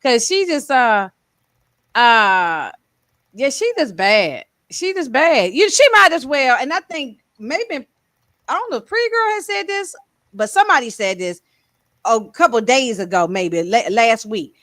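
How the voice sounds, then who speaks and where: A woman's voice: a little high, very animated, a little slow, fairly bright tone, no room sound, clean studio sound. A woman co-hosting a casual podcast chat, rambling with many fillers and restarts. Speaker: co-host.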